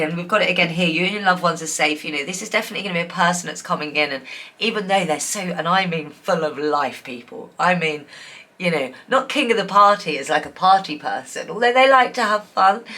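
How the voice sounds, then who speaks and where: A woman's voice: lowish voice, sharp tone. A woman giving a chatty, enthusiastic tarot reading to her viewers, often breaking into giggles. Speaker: tarot reader. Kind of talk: casual pick-a-card reading.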